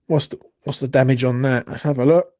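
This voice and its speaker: Lad on a phone stream, sweary self-mocking banter, dry close sound, middling pitch. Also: male voice, creaky, darkish tone, husky, no room sound. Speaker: watchalong host. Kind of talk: casual live-stream chat.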